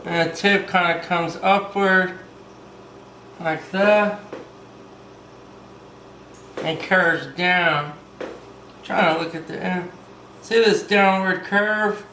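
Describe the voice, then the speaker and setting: A man's voice: high-pitched, steady tone, takes it slowly, pauses often, bright, forceful tone, reverberant, slight background noise, low-quality recording. A man hosting a casual step-by-step drawing lesson, upbeat and playful, tossing in "baby" and little sung bits. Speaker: drawing tutorial host.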